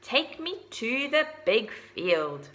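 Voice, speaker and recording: A woman voicing a lazy little male owl chick in a storybook, whiny at times and shrill and urgent at others. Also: very animated, slow pace, fairly bright tone, full character voice.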